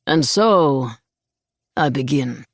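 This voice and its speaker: A woman voicing a frail, nearly hundred-year-old writer with a sharp Russian accent, speaking slowly and gravely. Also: very deep voice, expressive, no echo, studio quality, full character voice. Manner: slow, measured and grave.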